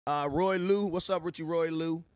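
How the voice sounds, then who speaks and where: A man hosting a sports live stream, giving loud, slangy shout-outs to viewers in casual chat. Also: fairly high pitch, steady tone, moderate pace, clean tone, no room sound, clean studio sound. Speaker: sports show host.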